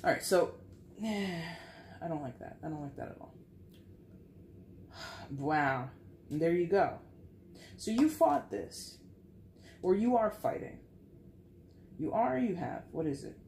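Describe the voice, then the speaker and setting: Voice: mid-range voice, animated, takes it slowly, creaky, long pauses, a little mellow, slight background noise. A tarot reader giving a casual, frank reading to camera, sighing often and swearing now and then. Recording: echoey room with faint ambience.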